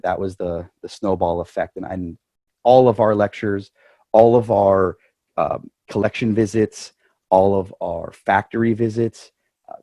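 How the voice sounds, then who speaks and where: A man's voice: on the low side, warm tone, no echo. A man speaking as club president, addressing the members over a video call in a chatty, joking way.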